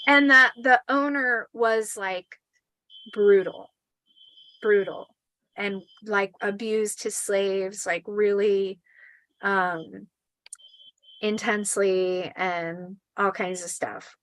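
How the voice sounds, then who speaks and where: A woman in her forties telling a spooky personal story in a casual, animated way, swearing and acting out the quotes. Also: medium pitch, takes it slowly, no room sound, poor audio.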